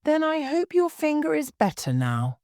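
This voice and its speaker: A curious, polite young girl from a storybook, as a woman reading aloud puts her on. Her voice sits higher than the narration, and her questions come out puzzled and well-mannered. The recording is close and dry. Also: wildly swooping pitch, moderate pace, darkish tone, no room sound.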